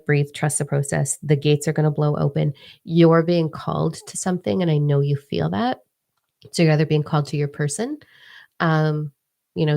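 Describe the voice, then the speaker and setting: Her voice deep, gravelly, and darkish with a fry at its base, a woman in her forties gives a live weekly energy forecast as a spiritual reader. She talks casually and emphatically, driving home her main phrases over and over.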